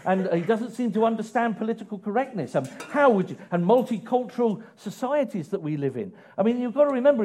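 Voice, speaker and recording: Preacher guy, high voice that swoops all over, keeps firing questions at the congregation. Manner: animated, rhetorical questions to the congregation. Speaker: pastor. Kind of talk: sermon.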